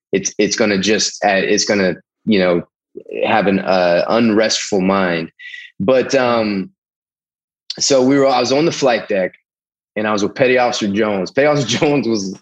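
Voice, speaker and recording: Middle-aged man, Southern accent, fairly low voice, rambling animated storyteller, interview guest. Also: muffled recording. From American South. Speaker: guest, Navy veteran. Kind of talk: casual storytelling.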